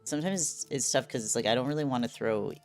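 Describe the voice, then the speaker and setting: A man's voice: mid-range voice, quick pace. A man streaming a game and chatting casually, rambling and joking at his own expense. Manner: rambling, self-deprecating, laughs at himself. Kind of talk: casual gameplay commentary. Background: game music.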